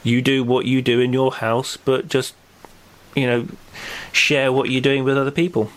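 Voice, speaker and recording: A man's voice: medium pitch, little pitch movement, normal speed. A man co-hosting a local podcast, chatting casually and running through the news, rambling with lots of fillers and restarts. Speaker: podcast co-host. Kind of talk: casual chat and news rundown.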